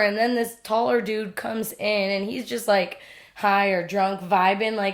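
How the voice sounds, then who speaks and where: A young woman co-hosting a podcast, telling a story in casual chat, acting out quotes loudly and swearing freely. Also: mid-range voice, fairly even intonation, moderate pace. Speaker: podcast co-host.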